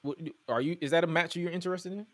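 A man hosting a podcast, recapping wrestling in casual chat, animated and incredulous as he quotes promos aloud. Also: a little high, fast talker, no room sound. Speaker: podcast host.

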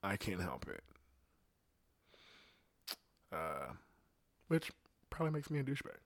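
A man's voice: low-pitched, huge pitch swings, brisk. Crude rambling man ranting. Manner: crude, rambling, storytelling with quoted voices. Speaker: podcast host. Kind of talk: profane casual rant.

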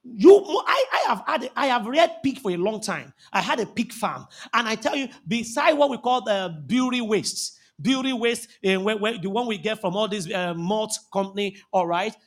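A man with a Nigerian accent preaching a sermon as pastor, fervent and often shouting, repeating phrases for emphasis. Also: high-pitched, lively intonation, normal speed, few pauses.

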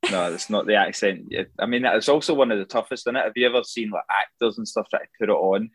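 Hesitant Scottish man, fairly low voice. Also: fast talker, fairly bright tone, husky. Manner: hesitant, repeats words often. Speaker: tattoo artist. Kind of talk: casual chat.

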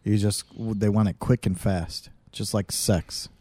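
A man's voice: lowish voice, steady tone, unhurried, warm tone, husky, no echo. A man co-hosting a podcast in casual chat, rambling and correcting himself as he talks. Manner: rambling, self-correcting, loose. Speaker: podcast co-host.

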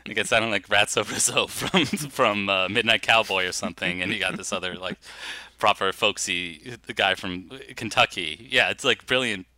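A man co-hosting a podcast, discussing a documentary in a halting, chuckling way. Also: fairly low pitch, bright, forceful tone, dry recording. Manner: halting, many restarts and fillers, chuckling. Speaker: podcast co-host. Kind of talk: casual film discussion.

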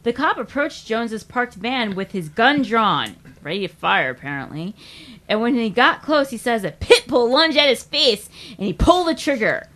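A woman's voice: a little high, animated, normal speed, a bit bright. A woman hosting a casual comedy podcast, chatting and reading out news stories with emphasis. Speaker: podcast host.

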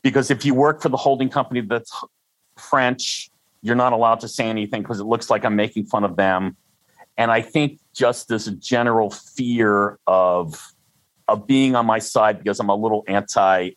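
An older freelancer as an interview guest, rambling and self-deprecating with frequent restarts. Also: male voice, on the low side, steady tone, normal speed, no echo, low-quality recording. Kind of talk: conversational interview.

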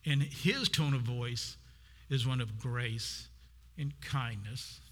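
In a sermon, a man retells a scripture story slowly, his medium-pitched voice a little bright. He acts out the people in it, including the woman's voice, in a storytelling manner. Long hall reverb surrounds him.

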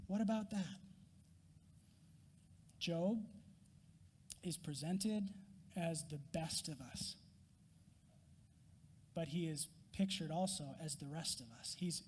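Male pastor, high voice, emphatic sermon delivery, dramatic swings to whispers, long hall echo. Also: measured pace, pauses often, mellow, slightly rough.

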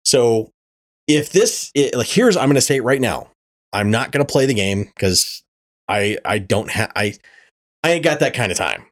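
A man hosting a podcast, chatting casually, swearing often and telling animated stories. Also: medium pitch, normal speed. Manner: animated storytelling, swearing and laughing. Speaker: podcast host. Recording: poor audio from a faulty mic.

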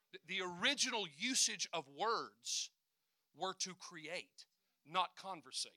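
A man preaching a sermon, swinging from quiet asides to loud declarations and acting out voices. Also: high-pitched, lively intonation, unhurried, no echo, clean studio sound.

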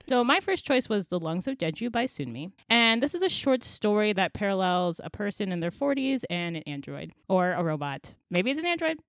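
A woman's voice: mid-range voice, very animated, fairly quick, hardly any pauses, dry recording, clean studio sound. A woman co-hosting a casual chat, animatedly summarizing a story with casual slang and laughter. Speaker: podcast co-host.

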